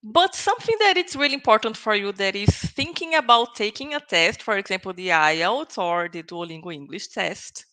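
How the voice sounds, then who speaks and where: A woman's voice: mid-range voice, expressive, moderate pace, hardly any pauses, fairly bright tone, rough recording. A woman whose first language is Portuguese teaching a live online English grammar lesson, patient and often checking in with "okay?" and "right?".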